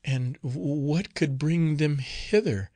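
A man's voice: a little high, slow, dry recording, pitched above the performer's own voice. A man voicing a frightened young nun who speaks in a trembling, hesitant way.

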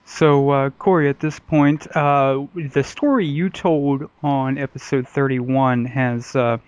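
A man's voice: mid-range voice, fairly even intonation, slow, clean tone, no room sound. A man hosting a casual podcast, joking and profane and often mocking himself. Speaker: podcast host. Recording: dull dry lo-fi mic.

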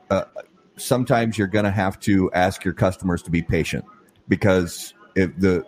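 Deep-voiced easygoing male podcast host. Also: a little mellow. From lives in Minnesota, not born there. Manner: easygoing, rambling with many fillers. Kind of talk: casual interview chat.

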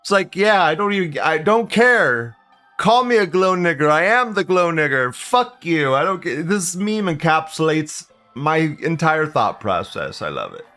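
A man talking off the cuff on a casual livestream, his voice sitting somewhat high for a man. He wanders between half-finished thoughts and often breaks into laughter as he reads out comments. Faint music plays softly underneath. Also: big pitch swings, a little slow. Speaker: livestream host reading viewer chat.

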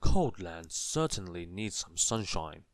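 A man voicing a wise, brisk old wizard with loud, emphatic exclamations, in a storybook read-aloud. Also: sits low, sing-song, no room sound, heavily acted.

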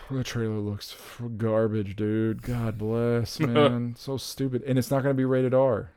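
A young man chatting casually about upcoming movies, rambling and excitable, with frequent exclamations. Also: medium pitch, a little slow, clear, resonant tone, no echo.

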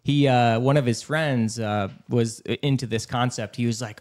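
A man on a podcast telling a story in a relaxed, somewhat quiet way. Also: mid-range voice, moderate pace. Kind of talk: casual podcast chat.

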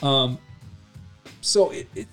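A man's voice: takes it slowly, a bit bright, soft background music. A middle-aged man, a radio DJ, telling a personal story in casual chat, earnest and emphatic, swearing now and then. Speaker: radio DJ and podcast host.

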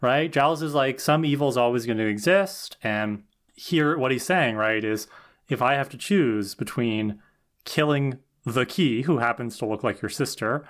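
A man's voice: mid-range voice, moderate pace, fairly bright tone. A man co-hosting a podcast, talking through a TV episode thoughtfully, with frequent restarts and "right?" checks. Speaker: podcast co-host. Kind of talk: casual podcast discussion.

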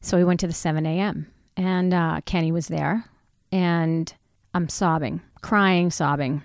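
A middle-aged woman telling a personal story in a conversation, candid and animated, acting out what people said. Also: lowish voice, measured pace, creaky, dry recording, studio quality. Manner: candid, animated retelling with voiced quotes. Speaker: guest.

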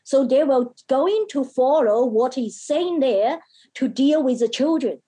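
A woman guest recounting her childhood in earnest, halting non-native English with many restarts. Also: sits high, animated, dark tone, husky. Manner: acts out quoted voices from her childhood. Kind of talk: personal storytelling in an interview.

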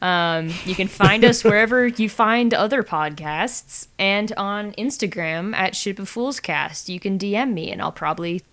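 A woman's voice: medium pitch, normal speed, hardly any pauses, a bit bright. A woman guesting on a podcast in casual chat, playful and self-deprecating, laughing often.

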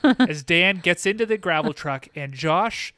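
A man's voice: sits high, expressive, measured pace, very noisy. A man co-hosting a podcast in casual chat, recapping scenes in a rambling way with fillers. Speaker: podcast co-host.

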